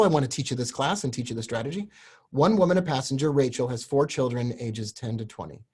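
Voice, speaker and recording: A man hosting a live stream, pitching a course with earnest, emotional directness to viewers. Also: fast, dark tone, breathy edge. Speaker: host selling a trading course.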